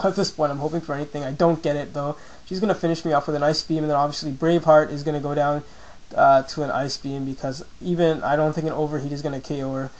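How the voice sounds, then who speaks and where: A young man talks through a game battle he played, in loose, casual commentary. His voice sits a little high for a man, and he keeps jumping up into excited, squeaky asides when he quotes his own reactions. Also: poor audio.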